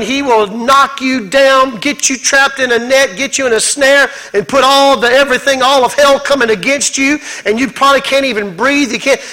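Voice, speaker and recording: Male pastor, very high and sharp-toned, rhythmic and fervent sermon delivery. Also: poor audio. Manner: builds to shouted, fervent preaching; repetitive rhythmic exhortation.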